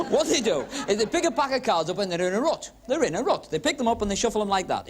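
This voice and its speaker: A man doing sharp, spiky stand-up patter as a comedian and magician on a club stage before a live audience. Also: sits high, sing-song, fast talker. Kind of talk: stand-up patter during a card act. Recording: 1970s TV recording with a laughing crowd.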